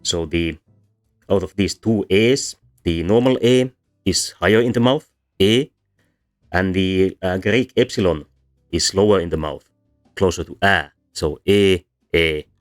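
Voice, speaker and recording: A man's voice: low voice, measured pace, faint music behind. A man presenting a livestreamed linguistics lecture, explaining patiently with frequent ums and uhs and demonstrating vowel sounds.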